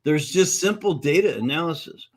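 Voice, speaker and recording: A man's voice: fairly high pitch, moderate pace. Upbeat middle-aged man telling stories. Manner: upbeat, animated storyteller who acts out quotes. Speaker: nutrition course founder and teacher. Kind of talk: conversational storytelling in an interview. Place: conference event.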